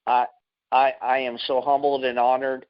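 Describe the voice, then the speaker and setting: A man's voice: medium pitch, flat delivery, moderate pace, lo-fi sound. A man as a talk radio guest, eager and promotional, often repeating himself.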